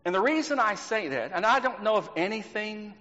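High-voiced preacher in a reverberant hall. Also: male voice, lively intonation, pushed and bright. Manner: emphatic, slows down and repeats words for stress, asks rhetorical questions. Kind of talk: sermon. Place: church sanctuary. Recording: dull lo-fi recording with long hall reverb.

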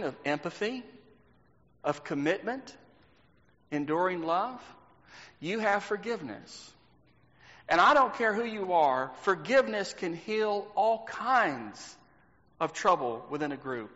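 A man preaching a sermon to a congregation. He stresses points by slowing down and repeating words, and asks rhetorical questions. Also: sits high, fairly bright tone. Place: church sanctuary. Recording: dull lo-fi recording with long hall reverb.

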